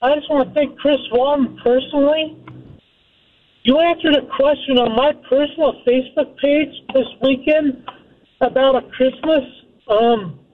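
Guy from idaho calling in, super high voice, tinny phone, kinda emotional. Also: fairly even intonation, a little slow. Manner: earnest, emotional. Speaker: caller. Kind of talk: call-in thanks.

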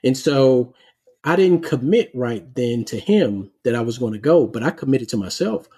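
Guy hosting a podcast, mellow husky voice, tells stories and acts out the dialogue. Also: mid-range voice, moderate pace. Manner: animated storyteller, acts out dialogue. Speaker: podcast host, former police chief. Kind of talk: conversational interview storytelling.

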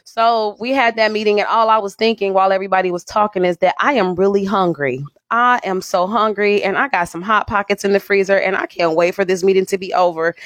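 A woman's voice: medium pitch, fairly bright tone, no echo. Dramatic storytelling radio woman. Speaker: radio personality. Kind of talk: storytelling in casual chat.

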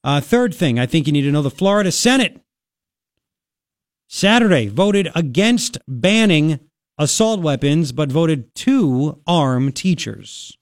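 A male talk radio host with a slightly high voice, speaking through a studio microphone in a dead, dry booth. He talks in a sarcastic, joking way, full of "uh"s and restarts. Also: animated, a little slow, no room sound. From Long Island, New York. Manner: sarcastic, jokey, many fillers and restarts. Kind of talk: opinionated talk radio monologue.

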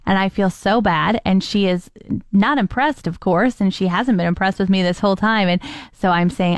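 Morning show lady rambling casually, smooth clear voice, dry close mic. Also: mid-range voice, moderate pace, dry recording. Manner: chatty, self-deprecating storytelling. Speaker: radio morning show host. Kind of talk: casual chat.

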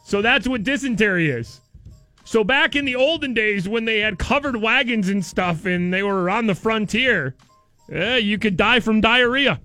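His voice sits high and has a sharp tone as this morning radio host jokes around with his co-host. The banter is casual, loose, and rambling.

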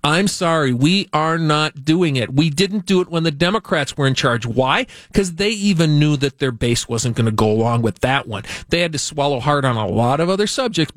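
A man's voice: fairly high pitch, dry recording, studio quality. A man from Minnesota, a state senator, talking bluntly and combatively as a radio guest. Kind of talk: political radio interview.

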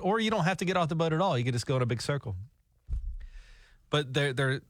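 A man's voice: mid-range voice, fairly bright tone, no room sound, clean studio sound. Chatty man telling a story. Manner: rambling, jokey anecdotes with laughs. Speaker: radio show co-host. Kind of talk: casual storytelling chat.

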